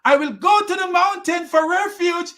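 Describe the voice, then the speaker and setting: A man voicing a foolish young man who refuses rescue from a flood, in a high, whiny put-on voice. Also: moderate pace, bright, forceful tone. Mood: defiant.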